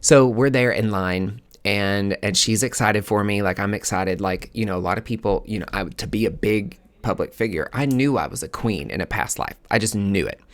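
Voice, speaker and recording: A man with a somewhat low voice tells a personal story in a loose, casual monologue. He is animated and dramatic, and he swears freely as he acts out his own reactions. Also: moderate pace, few pauses. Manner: animated, profane, dramatic retelling. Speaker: podcast host.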